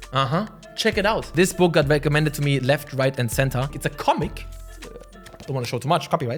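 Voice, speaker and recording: Fast-talking animated young man vlogging. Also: on the high side. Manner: animated, slangy, jokey asides. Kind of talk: casual book recommendation vlog.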